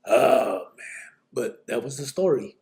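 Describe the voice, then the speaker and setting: Guy telling his story on a live stream, gravelly dark voice, swears a lot, says "you know what i'm saying" all the time. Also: mid-range voice, expressive, a little slow.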